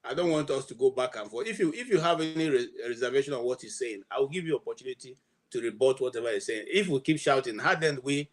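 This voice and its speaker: A man moderating a heated online panel, firmly pleading for calm. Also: mid-range voice, fast. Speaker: host and moderator.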